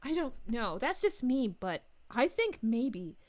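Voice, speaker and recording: A woman's voice: on the high side, very animated, slow pace. A woman voicing a bubbly, giggly young princess as a VTuber streamer, chatting with viewers in character. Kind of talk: in-character livestream chat.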